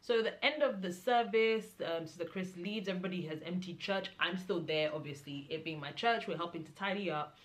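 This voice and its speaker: Young woman, casual vlog storytelling, fairly low voice, animated, mimics others. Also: a little fast, hardly any pauses. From Nigeria. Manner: animated storytelling, mimicking others, rising to exasperated high-pitched outbursts. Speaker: vlogger.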